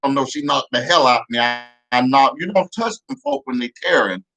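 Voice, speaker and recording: A man's voice: medium pitch, big pitch swings, brisk, a bit bright. A man telling comic childhood stories in a rambling, profane way with many restarts. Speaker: comedian. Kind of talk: comedic storytelling.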